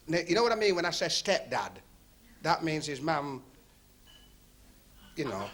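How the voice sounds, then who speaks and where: On a working men's club stage filmed for TV, a man performs stand-up, chatting with and teasing the audience while laughing at his own jokes. His voice is fairly high and fairly bright. The 1970s TV recording is noisy, with the club crowd laughing throughout.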